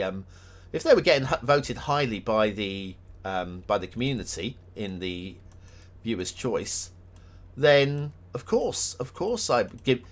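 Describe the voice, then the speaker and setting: A man chatting casually on a live stream as he reviews game maps, thinking aloud with plenty of ums and restarts and chuckling at himself. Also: on the low side. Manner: chuckles often, self-deprecating.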